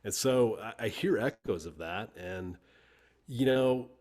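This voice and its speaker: Low-voiced man hosting a podcast. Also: slow pace, a little mellow. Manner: reflective, thinks aloud with fillers. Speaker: podcast host. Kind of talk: conversational interview.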